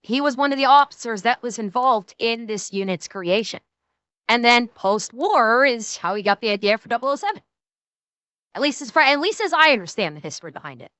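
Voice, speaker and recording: A woman's voice: a little high, animated, brisk, a bit bright, clear, resonant tone, dry recording. A woman streamer reacting to a video on a live stream, joking, swearing freely and laughing often. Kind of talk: casual live-stream commentary.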